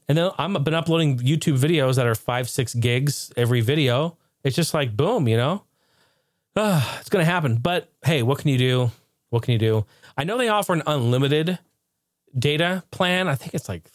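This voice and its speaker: A man's voice: medium pitch, dry recording, studio quality. A man hosting his own podcast, chatting casually and telling stories with frequent laughs. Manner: animated storyteller, laughs often. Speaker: podcast host.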